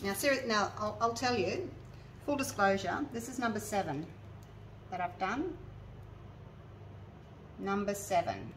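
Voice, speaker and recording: A woman's voice: medium pitch, animated, unhurried, pauses often, far from the mic, low-quality recording. A woman chats her way through a hands-on craft demo, talking straight to her viewers as she works. She sits a little back from the mic, and a faint hiss runs underneath. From Australia. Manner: chatty, narrates each step aloud as she works, talks to viewers directly. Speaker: resin artist showing her craft. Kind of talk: casual hands-on craft tutorial. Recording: mic a little away, faint background noise.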